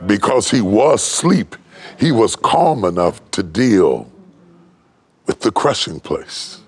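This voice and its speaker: An older man from West Virginia preaching a sermon, building from low, slow telling to high, ringing shouts. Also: very animated, breathy edge. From West Virginia, United States. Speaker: pastor.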